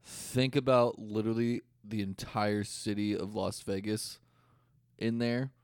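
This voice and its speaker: A young man co-hosting a podcast, chatting casually and crudely about a movie, quick to joke. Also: fairly low pitch, flat delivery, a little mellow, smooth, dry recording, studio quality. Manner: crude, joking, laughs easily. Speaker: podcast co-host. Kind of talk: casual movie recap chat.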